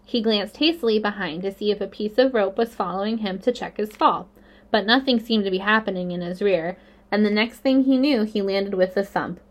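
A woman's voice: medium pitch, fairly quick. Woman reading a storybook aloud. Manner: clear, expressive storytelling. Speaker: narrator. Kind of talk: reading a children's novel aloud.

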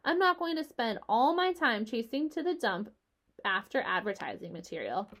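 A woman's voice: medium pitch, animated, moderate pace, a bit bright. A woman voicing a grumbling, peevish male rat scavenger in a storybook read-aloud, with a raised voice.

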